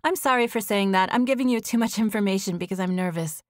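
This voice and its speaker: A nervous thirty-something woman, as the narrator puts her on, talks in a breathless, flustered rush, voice lifted higher than the narration. She rambles and stumbles over herself in an audiobook scene. The sound is close and dry. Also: a little fast, no echo, lightly acted. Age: 30s. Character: nervous excited young woman on a phone call. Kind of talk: audiobook dialogue.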